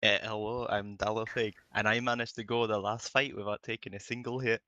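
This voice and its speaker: A man's voice: lowish voice, level tone, a little fast, bright, forceful tone, no room sound, dull audio. A man playing in a tabletop game stream, joking and bragging playfully with his friends. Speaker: player. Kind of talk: casual chat at a game table.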